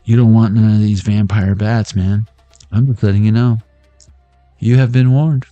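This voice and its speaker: A man's voice: lowish voice, steady tone, moderate pace, warm tone, no room sound, dull audio, faint music behind. A man giving a casual, joking tarot reading on a livestream. He rambles and swears freely. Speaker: tarot reader.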